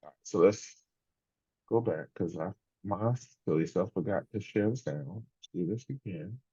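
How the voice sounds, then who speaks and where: Guy facilitating a workshop over a video call, kinda hesitant, lots of ums, flat dull audio, no room sound. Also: low voice, normal speed, breathy edge, no room sound. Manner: hesitant, many fillers and hedges. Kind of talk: leading an online workshop.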